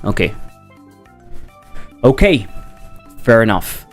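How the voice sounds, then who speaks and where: A man's voice: medium pitch, lively intonation, moderate pace, a little mellow. Man, French accent, game dev streamer, casual rambling chat, jokey, faint music underneath.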